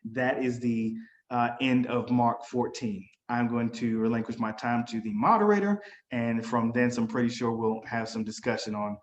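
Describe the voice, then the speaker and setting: A man's voice: mid-range voice, moderate pace, echoey room. A man presenting a casual Bible study lesson, talking conversationally with lots of fillers and restarts, and acting out the people in the story with a raised voice. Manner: acts out quoted speakers in a raised voice.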